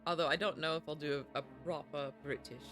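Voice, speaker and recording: A woman's voice: sits low, fairly even intonation, fast talker. A woman streamer chatting casually while reacting to a film. She is self-deprecating and often trails off and restarts. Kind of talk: casual live-stream commentary. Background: film music.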